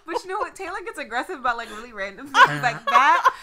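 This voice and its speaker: A woman co-hosting a casual podcast chat, exclaiming and swearing freely, quick to get worked up. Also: high voice, very animated, a crowd in the background. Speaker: podcast co-host.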